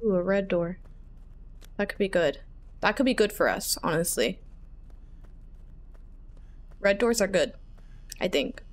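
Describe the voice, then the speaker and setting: A woman's voice: mid-range voice, unhurried, pauses often. Nervous chatty woman playing a horror game. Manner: chatty, nervous rambling, panicky repeats and squeals. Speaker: gaming channel host.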